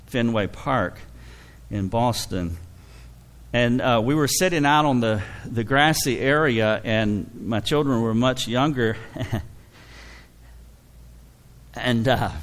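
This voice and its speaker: Middle-aged male pastor, heartfelt sermon, tearful and warm with laughter. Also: mid-range voice. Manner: emotional, tearful storytelling with frequent laughs. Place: church.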